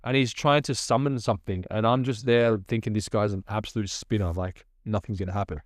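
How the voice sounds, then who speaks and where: A man telling his personal testimony in a lively, conversational storytelling manner. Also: fairly low pitch, brisk, no room sound, clean studio sound. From Australia.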